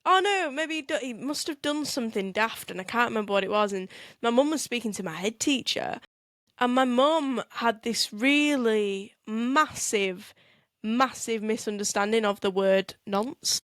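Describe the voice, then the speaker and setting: Young woman yapping family stories, a bit high, dry mic, laughs a lot. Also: normal speed, fairly bright tone, dry recording. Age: young adult. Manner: chatty storyteller, laughs often. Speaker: podcast co-host. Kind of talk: casual chat.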